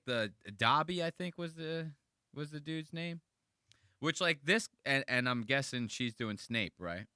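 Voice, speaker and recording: A man's voice: lowish voice, sharp tone, smooth, no echo, studio quality. A man from the United States giving casual, rambling reaction commentary to videos, slangy and profane.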